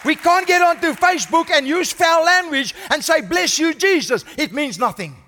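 Male senior pastor, high bright voice, sermon delivery, reverberant church room. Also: lively intonation, moderate pace, some chatter behind. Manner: preaching with rising emphasis, calls of "Amen?".

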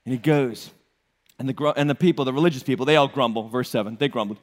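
A man preaching as lead pastor, animated and joking, often asking the congregation questions. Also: medium pitch, fast, long reverb tail. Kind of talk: sermon.

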